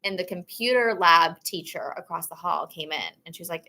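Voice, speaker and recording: A woman's voice: on the low side, moderate pace, gravelly, sharp tone, a little hiss or hum. A woman music teacher giving an upbeat, encouraging instrument lesson, counting the beats aloud in a chanting way. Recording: instruments playing along.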